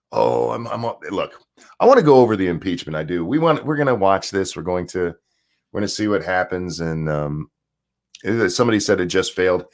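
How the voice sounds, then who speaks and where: A man ranting casually on a livestream about politics, sarcastic and profane, often restarting his sentences. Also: lowish voice. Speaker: political commentary streamer.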